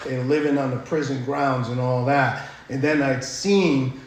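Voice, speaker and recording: At a speakers' meeting, a man shares his personal recovery story in an unhurried, medium-pitched voice. He's blunt and swears freely, dropping "right?" into his talk again and again. It sounds like a very echoey room with a faint background ambience.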